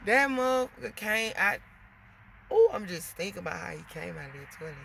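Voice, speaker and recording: A woman's voice: mid-range voice, lively intonation, a little fast, vocal fry, fairly bright tone, slight background noise. A woman with young kids venting casually to her viewers, swearing freely and calling them y'all. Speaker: vlogger.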